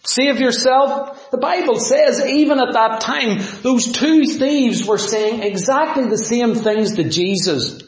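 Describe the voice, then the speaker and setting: A man preaching a sermon, dramatic and full of rhetorical questions, swinging from loud to hushed. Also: very high-pitched, unhurried, hardly any pauses. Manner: asks the audience rhetorical questions. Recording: echoey room.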